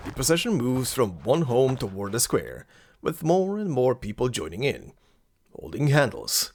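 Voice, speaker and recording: A man's voice: medium pitch, wildly swooping pitch, normal speed, darkish tone. A man hosting a let's play, reading game text aloud and reacting with amusement. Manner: amused, laughs at the game often.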